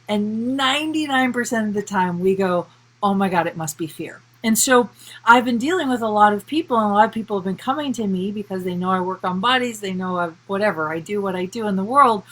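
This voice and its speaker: A woman's voice: mid-range voice, a little fast, fairly bright tone. A young woman hosting a live stream as a body-focused coach, chatting casually with viewers, laughing and acting out worried voices. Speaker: somatic intuitive coach, live stream host.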